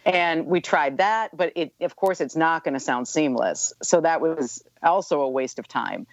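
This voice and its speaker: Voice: medium pitch, expressive, moderate pace, no echo. Chatty guest author on dull, dry audio. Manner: chatty, full of "you know" fillers. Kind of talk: casual interview chat.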